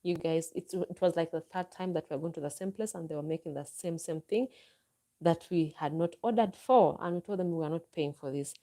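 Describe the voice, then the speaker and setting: Chatting live with viewers, this Ugandan woman vlogger responds to their questions with relaxed advice in her Ugandan accent. She talks unhurriedly, her slightly low voice soft and mellow.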